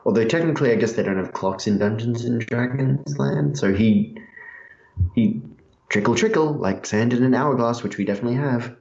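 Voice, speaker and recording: A man's voice: medium pitch, normal speed, darkish tone. A man running a tabletop game for friends in a casual, joking way, with lots of ums. He sounds as if he is in an echoey room. The audio is a bit muffled. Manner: chatty, hesitant, joking. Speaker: game master.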